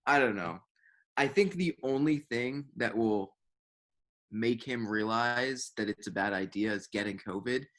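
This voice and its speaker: A man's voice: mid-range voice, a little slow, fairly bright tone. A young man co-hosting a podcast in casual chat, rambling with lots of filler words and swearing. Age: young adult. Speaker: podcast co-host.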